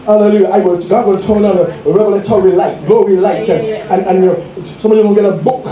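A man's voice: high voice, fairly even intonation, fast, over music. A man preaching an exuberant Pentecostal sermon as pastor, calling out for the congregation to respond. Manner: exuberant, calls for responses, laughs. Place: church sanctuary. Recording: echoey church room from far off, faint noise.

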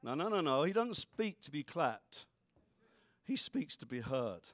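Guy preaching, high voice that jumps all over, dry close mic, jokey asides. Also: sing-song, unhurried, no room sound. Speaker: pastor. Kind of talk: sermon.

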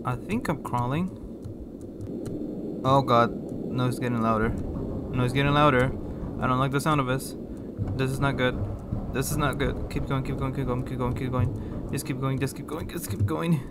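A man plays a horror game and talks the whole way through, jumpy and repetitive, cursing under his breath or louder when spooked. His voice sits at an ordinary middle pitch, with clear game noise running behind him. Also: steady tone, moderate pace. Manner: nervous running commentary, repeating phrases, swearing. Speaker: gaming YouTuber. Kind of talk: horror game let's play commentary.

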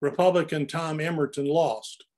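A man's voice: on the high side, fairly even intonation, normal speed, darkish tone. An older man narrating his own photographs in an anecdotal, storytelling way as he presents them.

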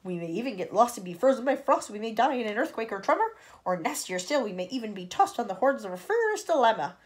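A woman voicing an excitable, grinning male centipede, reciting in a boisterous sing-song way. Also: on the high side, fast, pitched above the performer's own voice. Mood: gleeful.

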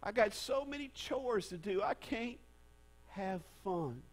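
A man's voice: animated, full character voice. A man doing a wailing little girl. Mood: whining. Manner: high, wailing, drawn-out childish whine. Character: sobbing three-year-old girl overwhelmed by chores.

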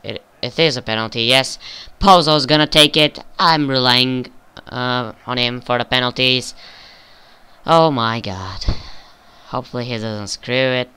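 A young man giving casual, profane commentary over a football video game he is playing, flaring up in frustration and excitement. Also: medium pitch, unhurried, smooth. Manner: swears often, flares up with frustration and excitement. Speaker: gaming video creator.

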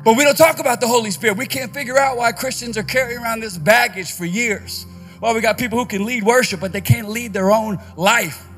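A man preaching a conference sermon as a pastor, with energetic delivery that rises to shouts. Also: very high-pitched, a little fast, faint music behind. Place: conference stage.

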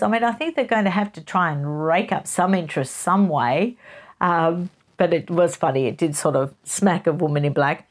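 A woman's voice: fairly low pitch, normal speed. A middle-aged woman, hosting a casual gossip chat in a playful, giggly way. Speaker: host.

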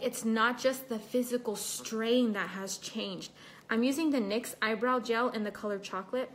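There's slight background noise as this livestream host talks in a medium-pitched, somewhat bright voice. She chats casually, reading viewer comments as she puts on makeup, and becomes emotional about having broken her foot.

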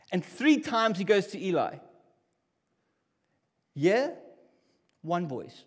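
A man's voice: sits high, lively intonation, unhurried, pauses often. Conversational preacher man in a reverberant hall. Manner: conversational, swings from hushed to loud. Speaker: pastor. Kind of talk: sermon. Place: church hall.

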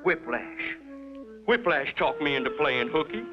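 A man's voice: on the high side, big pitch swings, measured pace. A man voicing a worried middle-aged rancher father who talks in a fretful, pleading way, on a lo-fi 1950s cartoon soundtrack. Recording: dull lo-fi 1950s TV soundtrack with music.

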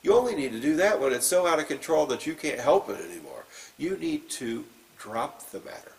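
A man's voice: on the high side, lively intonation, a little fast, gravelly, distant mic, poor audio. A man preaching as a pastor, reading scripture and then giving an informal, plain-spoken sermon with some fillers.

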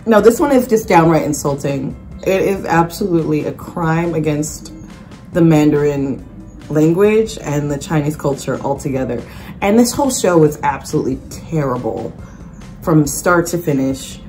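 Young woman ranting on her vlog, low voice, sarcastic and animated, faint music behind. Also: moderate pace. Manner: animated, sarcastic, lots of restarts and fillers. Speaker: vlogger. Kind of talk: casual chat.

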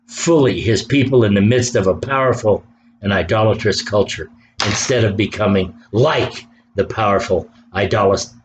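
A man's voice: fairly low pitch, a little hiss or hum, low-quality recording. A man preaching an impassioned sermon, reading scripture aloud and pressing his points with rising fervor. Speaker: pastor.

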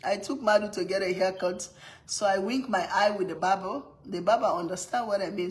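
A woman's voice: mid-range voice, fairly even intonation, a little fast, low-quality recording. A mother with a strong accent chatting casually on a live stream, laughing often and greeting viewers by name. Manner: strong non-native accent.

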